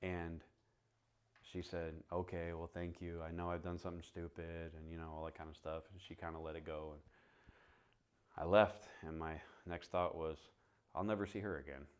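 A man's voice: sits low, normal speed, clean tone. A man preaching as a pastor, telling a personal story and acting out the conversations with humor. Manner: animated storyteller, acts out dialogue, laughs at himself. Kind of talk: sermon storytelling.

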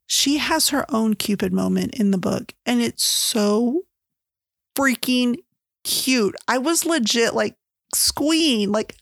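A woman's voice: fairly high pitch, takes it slowly, gravelly, no room sound, clean studio sound. A woman chatting casually as a book reviewer, gushing and full of filler words. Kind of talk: casual chat.

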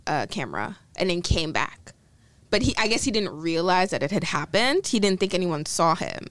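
Expressive woman with lively pitch. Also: no echo. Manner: expressive, blunt, laughing. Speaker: podcast co-host. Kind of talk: casual chat.

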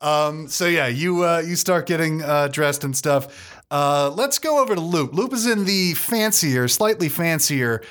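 A man's voice: fairly high pitch, expressive, measured pace, a bit bright. A man narrating a tabletop game as game master, in a loose, chatty way with many fillers.

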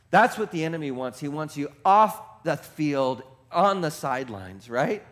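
Male pastor, high-pitched, dynamic sermon, hushed to shouting, questions the crowd. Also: expressive, measured pace, few pauses. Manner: asks the congregation questions.

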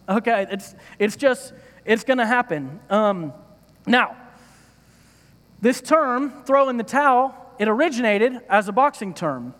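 A man's voice: high voice, fairly bright tone, big-room sound. A man giving a sermon from a church stage, in a playful, joking manner. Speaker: preacher.

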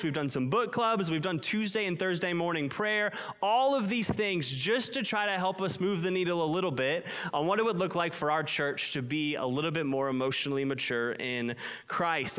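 A young adult man preaching a sermon as a pastor, earnest, slowing right down to stress his key lines. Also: high voice, a bit bright, clear, resonant tone.

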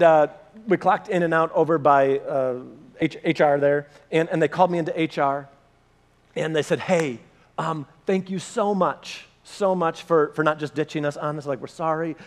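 A man's voice: on the high side, normal speed. A man preaching a sermon, telling a personal story and acting out the dialogue. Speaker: pastor.

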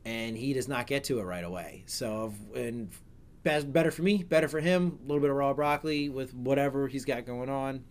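A man's voice: mid-range voice, brisk. A middle-aged man hosting a podcast, chatting casually in a rambling way with frequent self-corrections and jokes. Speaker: podcast host. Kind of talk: casual chat.

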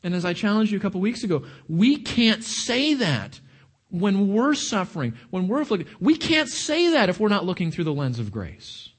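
A man preaches to his congregation in a fairly high voice. He talks in an animated way, repeating and restarting words as he builds his points. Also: normal speed, breathy edge. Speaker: pastor. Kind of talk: sermon.

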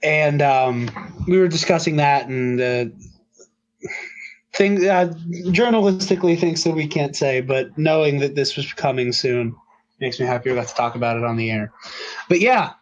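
A man's voice: a little high, moderate pace, dull audio. A man co-hosting a casual podcast chat, talking upbeat and rambling with lots of fillers. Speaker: podcast co-host.

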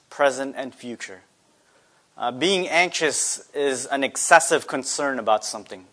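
A man's voice: mid-range voice, fairly bright tone. A man preaching a sermon earnestly, asking his listeners rhetorical questions. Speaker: pastor.

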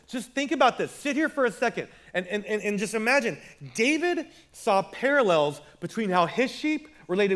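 High-voiced conversational male preacher. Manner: conversational, repeats words when building a point. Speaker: pastor. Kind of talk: sermon.

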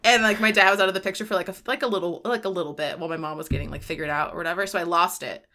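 A woman's voice: lowish voice, quick pace, pushed and bright. A woman hosting a podcast in casual chat, rambling with lots of "like", laughing and swearing freely. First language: Spanish. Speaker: podcast host.

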